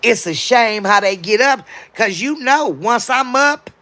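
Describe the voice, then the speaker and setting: A woman hosts a casual livestream, chatting and answering her viewers' comments one by one. Her voice sits high and bright, and she takes her time with every thought. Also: lively intonation, measured pace.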